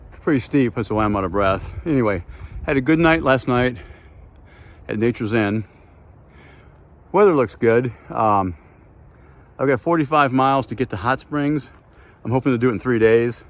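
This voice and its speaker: A man in his sixties vlogging casually outdoors on a hiking trail, talking in a plain, matter-of-fact way with frequent ums. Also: mid-range voice. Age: 60s. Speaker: thru-hiker vlogger.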